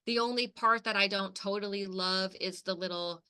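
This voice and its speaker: A woman's voice: mid-range voice, fairly even intonation, normal speed, pushed and bright, clear, resonant tone. A woman co-hosting a podcast in casual chat, talking loosely with lots of filler words and the odd swear. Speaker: podcast co-host.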